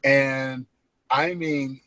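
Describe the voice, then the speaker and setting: A man co-hosting a podcast, telling a lively story about old times with a friend. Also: mid-range voice, drawn-out words, dry recording. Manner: animated, acts out yelling in the story. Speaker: comedian co-host. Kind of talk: casual storytelling chat.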